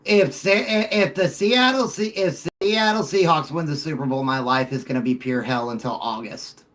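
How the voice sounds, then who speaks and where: A middle-aged man hosts a sports talk show with a high, animated voice. He jokes and banters loosely with callers and gets excited easily. His delivery swings between playful and emphatic. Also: normal speed.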